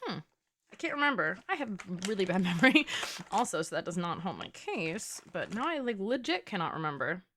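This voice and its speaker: A young woman chats casually with viewers before a game stream, her medium-pitched voice leaping up and down lively. She talks playfully and drops swear words without a second thought. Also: brisk, slight background noise. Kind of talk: casual live-stream chat.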